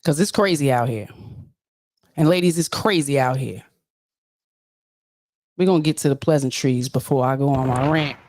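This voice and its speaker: A woman's voice: extremely low pitch, moderate pace, pauses often, no room sound. A woman hosting a casual livestream, preachy and emphatic, who repeats her points. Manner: animated, preachy, emphatic repetition. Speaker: livestream host.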